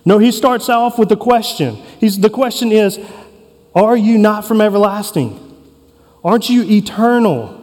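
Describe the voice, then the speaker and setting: High-voiced preacher in a reverberant hall. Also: male voice, a little mellow. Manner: earnest, emphatic preaching with dramatic pauses. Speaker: pastor. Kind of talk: sermon.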